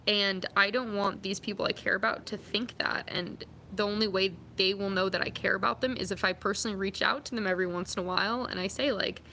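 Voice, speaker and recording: A woman's voice: medium pitch, fairly even intonation, brisk, gravelly, hardly any pauses, bright, forceful tone, slight background noise. A young woman vlogging, chatting casually and reading out viewer comments, upbeat and full of fillers. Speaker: vlogger and athlete.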